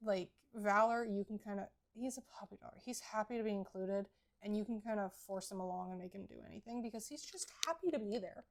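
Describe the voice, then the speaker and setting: A woman co-hosts a relaxed podcast conversation about horses. Her voice carries a gravelly, fry-tinged texture. She talks in an earnest, explanatory way, handing out practical advice. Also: medium pitch, brisk. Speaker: podcast co-host. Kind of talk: casual horse podcast chat.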